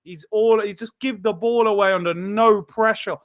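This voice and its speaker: High-voiced man reacting to football. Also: normal speed. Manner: frustrated, animated fan with sudden shouts. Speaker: football watchalong host. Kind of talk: live match reaction.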